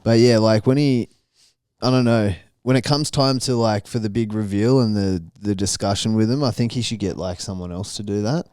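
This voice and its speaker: Chill aussie guy, lowish voice, dry close mic, swears easy. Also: normal speed, a little mellow, clean tone, dry recording. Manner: laid-back, sweary, easygoing. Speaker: podcast co-host. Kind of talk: casual chat.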